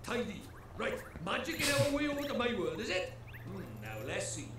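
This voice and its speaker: A man's voice: sits high, very animated, brisk, very echoey, noisy background. An actor playing a cheeky, boastful male fairy lord, chatty and folksy in a video game. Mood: chirpy. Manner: cheerful, folksy, calls people lad. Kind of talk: game voice acting.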